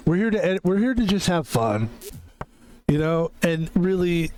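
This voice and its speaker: A man from the East Coast of the US giving casual game commentary as a streamer, slightly hoarse from a sore throat, relaxed and chatty. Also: sits high, moderate pace. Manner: relaxed, chatty, self-described cozy. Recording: music playing underneath.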